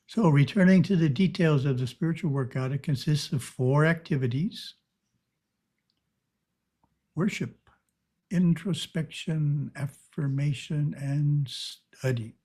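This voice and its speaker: A man giving a calm, measured spiritual teaching talk over a video call. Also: on the high side, breathy edge.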